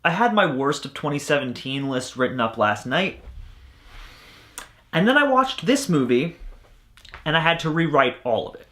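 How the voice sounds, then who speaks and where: A man's voice: on the high side, big pitch swings, normal speed, long pauses, sharp tone. A man giving a blunt, exasperated spoken movie review as host, swearing often. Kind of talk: profane ranting review. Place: alone at home.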